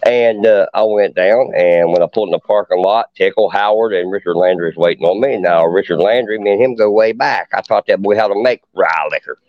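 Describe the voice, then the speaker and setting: A man's voice: on the low side, fairly quick, few pauses, dry recording. A middle-aged man, a podcast guest telling a long story in a boastful, profane hillbilly way. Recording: dull lo-fi podcast audio.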